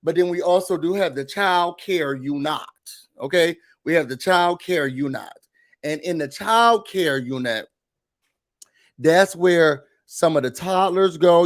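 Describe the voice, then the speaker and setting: A man delivers a comic mock corporate briefing in a deadpan, faux-serious tone. His delivery is unhurried, his voice sits a little high, and he drops into put-on emotional breaks. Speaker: host of a mock office meeting.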